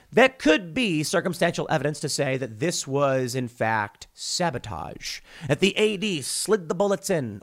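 A man delivers opinionated solo commentary. His voice sits a little high and swings widely. He restarts sentences often and breaks into mocking put-on quotes. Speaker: political commentary host.

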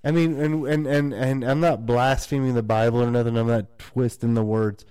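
Mellow-voiced man in animated casual chat. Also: mid-range voice, normal speed, smooth, dry recording. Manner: animated, acts out quoted voices of friends and family. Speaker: podcast co-host.

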